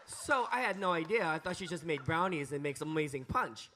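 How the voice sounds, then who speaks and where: A man's voice: on the high side, moderate pace, hardly any pauses, pushed and bright. A man telling a story on stage at a live event, acting out the other people's lines in changed voices. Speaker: musician sharing a story on stage.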